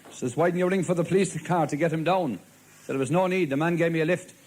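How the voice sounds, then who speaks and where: A man with an Irish accent telling stand-up jokes in a deadpan storytelling manner, playing a policeman. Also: a little high. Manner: deadpan storytelling, rapid one-liners in character as a policeman. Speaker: stand-up comedian. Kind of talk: live stand-up joke-telling. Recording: live show with faint crowd laughter and noise.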